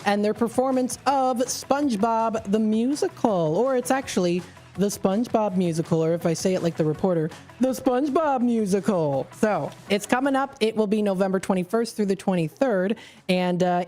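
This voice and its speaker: A woman's voice: medium pitch, a little mellow. Chatty woman radio host. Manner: chatty, many fillers and restarts. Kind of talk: casual radio interview. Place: radio studio.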